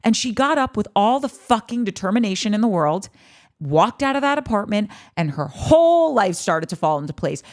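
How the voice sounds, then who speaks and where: Her pitch is medium and sing-song, her speed normal. The podcast host chats about a reality show in a lively, casual way, swearing freely and dramatizing quotes.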